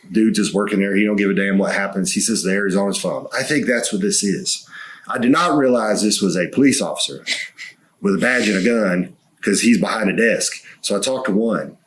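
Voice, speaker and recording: A man's voice: lowish voice, a little fast. A man co-hosting a podcast, telling a long story in casual chat and swearing freely. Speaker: co-host.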